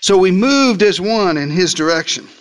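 A man's voice: expressive, normal speed. A man preaching a theatrical sermon, retelling a story as if he were there and speaking directly to his listeners. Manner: theatrical, shifts pitch and pace for emphasis. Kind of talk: dramatic first-person sermon storytelling.

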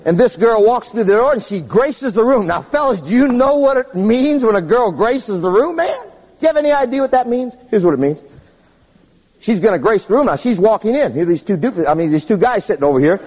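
A man preaching a humorous sermon, telling stories in an animated way and jumping to squeaky high tones for effect. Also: a little fast, long reverb tail, dull audio.

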